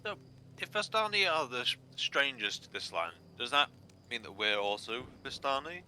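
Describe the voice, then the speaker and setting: A man's voice: medium pitch, expressive, moderate pace, pushed and bright, clean tone. A man playing a tabletop game, mostly giving short reactions and asking questions in character. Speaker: player.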